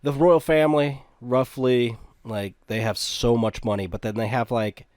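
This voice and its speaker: A man co-hosting a podcast, chatting casually and riffing with quick silly bits. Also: medium pitch, no room sound, clean studio sound. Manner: animated, does quick silly voices in bits. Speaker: podcast co-host. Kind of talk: casual comedic chat.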